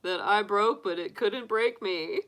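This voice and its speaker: A woman's voice: medium pitch, unhurried, fairly bright tone. A middle-aged woman hosting a tarot livestream, chatting casually with viewers, laughing often and filling her talk with likes and restarts. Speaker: tarot reader livestream host. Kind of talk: casual chat to live viewers.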